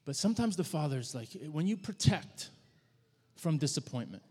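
A man preaching a sermon, telling a story in a conversational, halting way with frequent restarts. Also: on the high side, sing-song, a little mellow, breathy edge. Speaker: pastor. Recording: long hall reverb.

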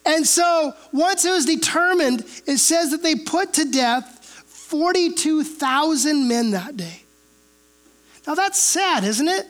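A woman's voice: high voice, lively intonation, slow pace. A woman pastor, giving a conversational sermon and retelling a Bible passage in a casual, storytelling way that often checks in with a rhetorical "right?". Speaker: pastor teaching a Bible chapter.

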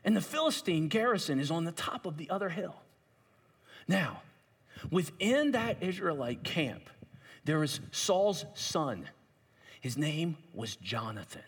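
A male preacher telling a story with animated delivery and asides to young listeners. His voice is somewhat husky and sits a touch high for a man, swinging widely in pitch. A long hall reverb surrounds him. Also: a little slow. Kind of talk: sermon.

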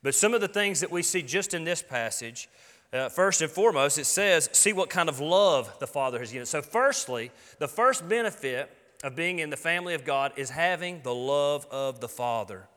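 A man's voice: on the high side, expressive, moderate pace, pushed and bright. A middle-aged man, preaching a sermon in an earnest, folksy, emphatic way. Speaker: pastor. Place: church sanctuary. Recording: long hall reverb.

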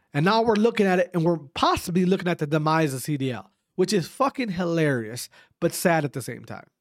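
A young man giving a profane, heated esports rant, repeating himself and dropping to quiet asides. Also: sits high. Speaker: esports commentator. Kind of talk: ranting casual commentary.

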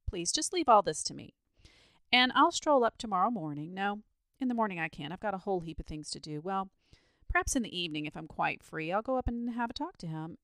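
A bookish little boy talks quietly and sleepily, completely unbothered, as a woman reads his part. The voice is low and a bit gravelly, close and dry, in a storybook reading. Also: dry recording, full character voice. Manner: quiet, sleepy, matter-of-fact.

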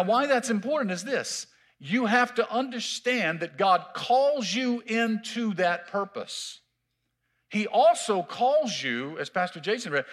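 A male pastor delivering a sermon in a church, his voice sitting high and swinging widely in pitch. He preaches emphatically, stretching out words and repeating them for weight. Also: a bit bright. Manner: emphatic, drawn-out preaching with repetition. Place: church sanctuary.

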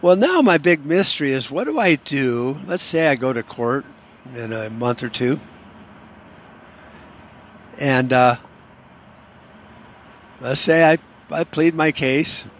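A man's voice: on the high side, a bit bright. Profane, sarcastic male podcast ranter. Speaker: podcast host. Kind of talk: solo podcast rant.

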